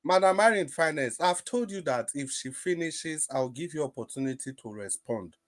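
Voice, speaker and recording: Male moderator, calm and polite, repeats names to restore order. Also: fairly high pitch, moderate pace, no echo. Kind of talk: moderating an online panel.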